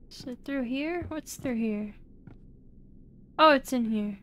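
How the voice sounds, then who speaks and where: A woman's voice: high voice, slow pace, a bit bright. A young woman streaming a horror game, chatting playfully and breaking into mock-dramatic outbursts.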